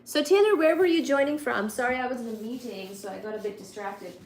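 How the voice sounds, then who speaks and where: A woman's voice: fairly high pitch, fast talker, a little hiss or hum. A woman from India with an Indian accent, hosting a casual livestream and chatting with viewers as she answers their comments. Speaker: livestream host.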